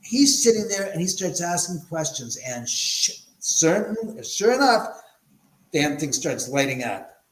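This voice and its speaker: A man's voice: on the high side, unhurried, roomy sound, low-quality recording. A man from Los Angeles, a guest, telling stories casually and animatedly, with lots of swearing. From Los Angeles, USA. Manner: animated, swears freely, acts out quotes. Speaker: guest, paranormal house owner. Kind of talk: casual storytelling.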